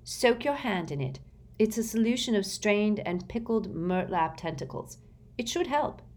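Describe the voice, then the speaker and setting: A woman voicing an earnest, clever teenage girl who speaks eagerly and a little higher. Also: expressive, measured pace, a little mellow, close to an everyday voice.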